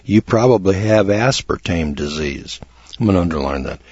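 A man's voice: sits low, animated, moderate pace, a little mellow, slightly rough, dry recording, muffled recording. A man hosting a talk radio show, rambling in a folksy, blunt way with lots of fillers and restarts.

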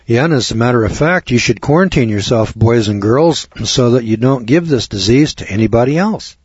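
A man preaching a sermon in an indignant, mocking way, repeating words and clearing his throat. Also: mid-range voice, expressive, normal speed, hardly any pauses, darkish tone, no room sound, muffled recording. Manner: indignant, mocking, rises to exclamations.

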